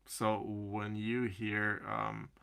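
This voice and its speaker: A man's voice: fairly low pitch, flat delivery, extremely slow, gravelly, a bit bright, clear, resonant tone. A man streaming and chatting casually with his viewers, rambling and calling them by name. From Canada. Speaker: streamer answering chat. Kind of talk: casual chat.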